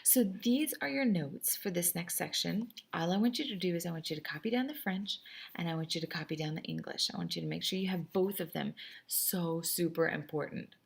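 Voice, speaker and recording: Upbeat chatty woman teacher, husky voice. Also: on the low side, a little fast. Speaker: French teacher. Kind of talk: recorded class lesson.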